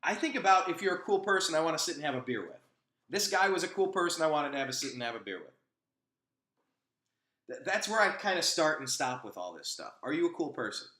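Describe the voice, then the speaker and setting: A man's voice: medium pitch, sharp tone, echoey room. A man hosting a casual opinion chat, telling a rambling anecdote with frequent restarts. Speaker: host.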